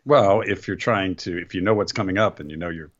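A man's voice: sits low, a little fast, lo-fi sound. A man co-hosting a wrestling podcast, making dry, cynical quips in casual chat. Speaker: podcast co-host.

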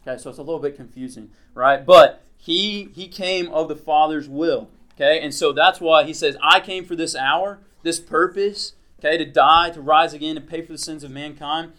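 A man teaching a Bible lesson to a small group. He reads scripture aloud slowly, then explains it in a conversational way, often checking in with "okay?". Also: a little high, fairly even intonation, fairly bright tone.

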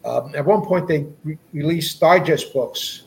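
A man reminiscing on a video call as a guest writer, relaxed and chuckling. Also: fairly high pitch, measured pace, gravelly, poor audio. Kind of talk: casual panel chat.

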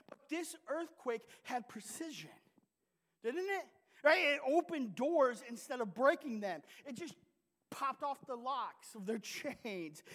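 Male pastor preaching in a reverberant hall. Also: high-pitched. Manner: conversational, keeps adding "right?". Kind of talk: sermon. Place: church sanctuary. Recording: long reverb of a large hall.

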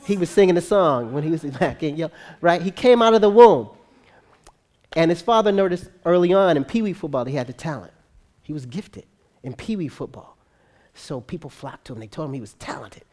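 An animated preacher telling a long story in a sermon, talking to the congregation in a loose, conversational way. The voice sits in an average pitch range and often drops lower and quieter during the telling. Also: brisk. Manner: conversational, animated, frequent tag questions.

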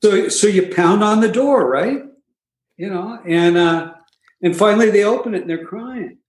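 A man with a somewhat high voice tells his own story in a relaxed, conversational way. He has a dry, self-mocking humor and keeps adding little asides. The sound rings with the echo of a reverberant room. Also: normal speed. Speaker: guest sharing his recovery story. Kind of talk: casual storytelling. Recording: echoey room.

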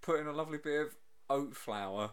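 A man's voice: on the high side, a little fast, fairly bright tone. A man co-hosting a podcast, delivering dry, mock-serious quips in casual banter. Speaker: podcast co-host.

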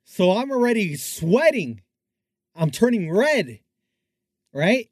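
A man's voice: sits high, sing-song, slow, no echo, clean studio sound. A man co-hosting a podcast, telling awkward stories about himself with lots of laughs and self-deprecating jokes. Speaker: podcast co-host. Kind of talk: casual chat.

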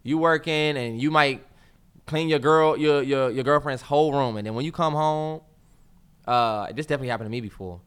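A man's voice: fairly high pitch, fairly quick, clear, resonant tone. A man co-hosting a casual podcast, talking animatedly in bursts, cutting in over his co-host and putting on voices for effect. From United States. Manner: animated, talks over others, mock voices and yelling bursts.

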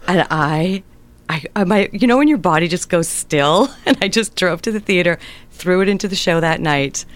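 Low-voiced woman telling stories animatedly. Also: normal speed, no room sound. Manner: animated, acts out family voices in anecdotes. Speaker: guest, writer and performer. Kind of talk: conversational storytelling interview.

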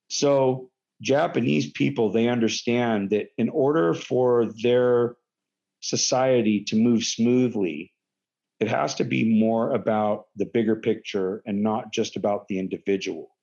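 A man telling a funny story casually, animated and profane. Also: unhurried, gravelly, muffled recording. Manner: animated, profane, big pitch jumps.

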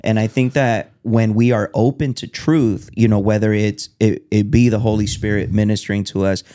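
A man with a low, mellow voice hosts a casual talk about faith. He speaks reflectively, building his points slowly and affirming his guest often. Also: steady tone. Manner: reflective, gives frequent affirmations.

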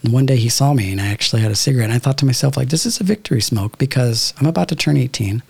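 Speaking rapid-fire with vocal fry, this Southern California podcast guest in his thirties shares a reflective, spiritual story, leaning heavily on fillers like "like" and "you know." His medium-pitched voice is husky with a darkish tone, recorded with no room sound.

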